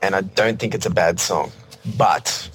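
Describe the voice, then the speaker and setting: Relaxed lower-voiced man. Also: slight background noise. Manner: relaxed, measured, many fillers. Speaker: podcast co-host. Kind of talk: casual music review chat.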